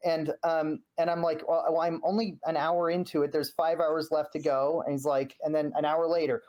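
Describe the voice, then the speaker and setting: A man speaking as a podcast guest, telling an animated story full of acted-out quotes and frequent restarts. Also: on the high side, normal speed, hardly any pauses. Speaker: guest, former journalist. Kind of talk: heated podcast conversation.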